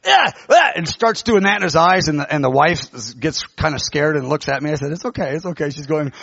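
A middle-aged man, a pastor telling a lively story in a sermon and acting out the voices of the people in it. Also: fairly high pitch, moderate pace, gravelly, husky, no room sound. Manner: animated, acts out quoted voices. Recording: dull lo-fi recording.

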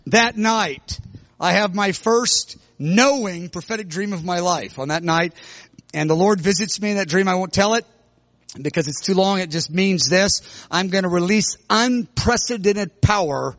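A middle-aged man preaching, telling a personal story with sudden loud outbursts. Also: high-pitched, dry recording, dull audio. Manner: animated, bursts into loud shouts when retelling. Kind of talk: sermon testimony storytelling.

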